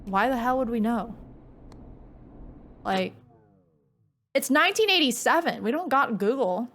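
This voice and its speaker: Woman streamer, casual game commentary, chatty and rambling, relaxed low voice. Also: unhurried. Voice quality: naturally low, relaxed speaking voice. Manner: rambling, filler-heavy, chatty.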